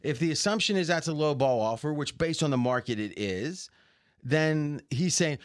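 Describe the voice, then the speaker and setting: A man with a fairly high, animated voice talks football at a moderate pace as a guest sports betting analyst, the audio clean studio sound with no room echo. It's casual sports talk, and he argues his points with energy, often restarting sentences as he thinks aloud.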